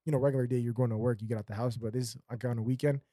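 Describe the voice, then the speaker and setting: A man's voice: medium pitch, fairly even intonation, rapid-fire, dark tone, no echo, clean studio sound. A man co-hosting a podcast in casual chat, rambling with fillers and laughing often. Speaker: podcast co-host.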